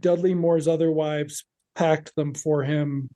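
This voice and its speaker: A man's voice: fairly high pitch, flat delivery, slow, warm tone. A man co-hosting a podcast, wryly recapping a show in casual chat. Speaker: podcast co-host.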